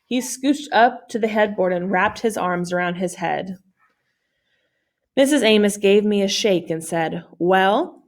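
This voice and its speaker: An audiobook reader with a medium-pitched voice reads a children's novel aloud a little slowly, in a plain storytelling style. She makes small slips and corrects them.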